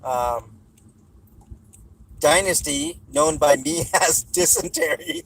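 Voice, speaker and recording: Male streamer, casual and jokey, somewhat high voice, reads chat comments aloud. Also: huge pitch swings, slow, gravelly, a bit bright, breathy edge, rough recording. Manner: talks while chewing gum. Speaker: livestream host.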